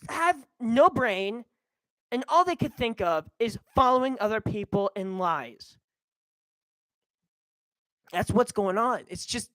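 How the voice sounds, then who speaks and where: A woman's voice: on the high side, dry recording, low-quality recording. Young woman in a heated rant. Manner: heated, animated ranting. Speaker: vlogger. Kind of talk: ranting monologue.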